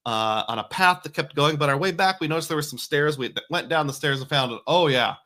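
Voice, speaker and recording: A man's voice: a little high, a little fast, bright, forceful tone. A middle-aged man narrating his family's travel photos in a chatty, folksy voice-over, often correcting himself with little asides. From United States.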